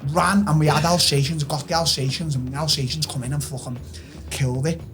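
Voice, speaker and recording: A man telling a lively anecdote, swearing and acting out what people said. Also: fairly high pitch, brisk, faint music behind. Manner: animated storyteller, swearing, acts out quotes. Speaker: next-episode guest. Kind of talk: storytelling anecdote.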